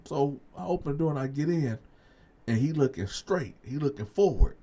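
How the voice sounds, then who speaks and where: A man hosting a storytelling channel, telling a story to his viewers in a loose, slangy way and acting out both sides of the conversation. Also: normal speed. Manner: animated, acts out both sides of a story with raised pitch for himself; loose slangy delivery, addresses viewers as y'all.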